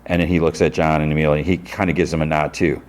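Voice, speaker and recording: A man's voice: rumbling low, level tone, fast. A man hosting a podcast, casually recapping a TV episode scene by scene, filling his retelling with "like" and quoted dialogue. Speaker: podcast host.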